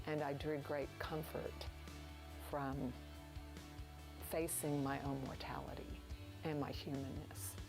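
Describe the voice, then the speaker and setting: Woman with a low voice speaking slow and gentle, guitar music under it. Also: flat delivery. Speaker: cancer survivor sharing her story. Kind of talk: reflective testimonial. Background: soft guitar music.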